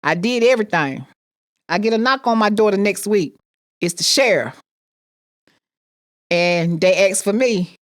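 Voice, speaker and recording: A woman's voice: mid-range voice, expressive, unhurried, long pauses. A woman telling a personal story with emphatic repetition, acting out the people she quotes. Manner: emphatic, repeats phrases, acts out quoted voices.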